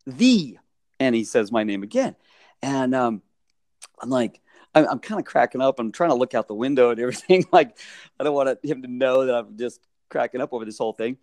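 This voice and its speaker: A man's voice: medium pitch, fairly quick, no room sound, clean studio sound. A man telling a story in casual chat, acting out quotes with lots of laughter. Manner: animated, acts out quotes with laughs.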